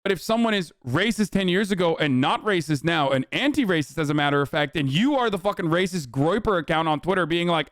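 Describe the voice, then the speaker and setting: A man's voice: fairly high pitch, expressive, fast talker, few pauses, fairly bright tone, dry recording, studio quality. Profane, sarcastic man on a stream. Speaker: streamer reacting to clips and chat. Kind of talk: heated livestream rant.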